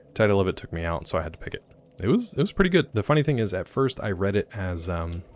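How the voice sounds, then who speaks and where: A man with a very low, deep voice chats through a live game stream. He jokes, reacts aloud to what happens on screen and talks straight to his chat in a loose, casual way. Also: slight background noise. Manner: chatty and joking, reacting aloud and talking to chat. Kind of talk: casual live gameplay commentary.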